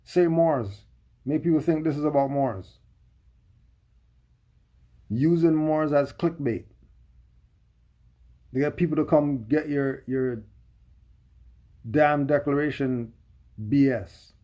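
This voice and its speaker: A man's voice: fairly high pitch, slow, pauses often, warm tone. A man giving sarcastic reaction commentary on a video, firing off mocking rhetorical questions.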